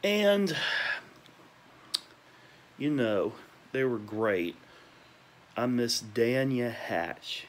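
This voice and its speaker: A young man at home at night, ranting emotionally about people he misses and repeating warm praise, sometimes talking quietly. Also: lowish voice, lively intonation, extremely slow, long pauses, slight background noise. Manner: emotional, repetitive, listing names with gushing praise; talking quietly at times because parents are asleep. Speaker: vlogger. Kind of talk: nostalgic rant to camera.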